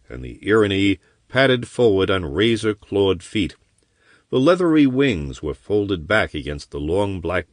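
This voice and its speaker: A man's voice: low voice, no echo, studio quality. A man narrating an audiobook expressively in a storytelling manner. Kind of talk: scripted narration.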